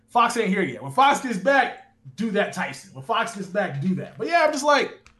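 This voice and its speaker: Young male streamer, a bit high-voiced, lively rambling chat with casual swearing. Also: normal speed. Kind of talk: casual live-stream chat about a football video game.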